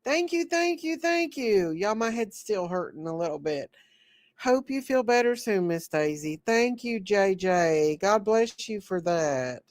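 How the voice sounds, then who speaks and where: A woman hosting a casual livestream while sick and short of breath, greeting viewers by name in slow, drawn-out, sing-song repeats. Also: medium pitch, expressive, a little mellow, no room sound. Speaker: livestream host.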